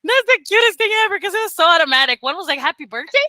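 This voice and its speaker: A woman mentoring beginner English teachers on a video call, animated and laughing often as she talks casually. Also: very high-pitched, very fast, no echo, rough recording.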